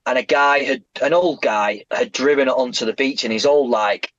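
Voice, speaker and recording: British male guest, chatty and animated, trips over his words, dry lo-fi sound. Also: medium pitch, moderate pace, no room sound. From United Kingdom. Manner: rambling, animated, frequent restarts. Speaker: guest traveller. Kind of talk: casual podcast storytelling.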